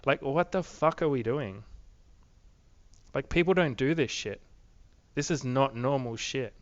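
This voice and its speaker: A man's voice: medium pitch, unhurried, no room sound. A young man rambling to camera in a casual video diary, swearing a lot and filling his talk with "like", recorded close on a dull lo-fi camera mic. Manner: rambling, profane, many "like" fillers. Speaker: vlogger.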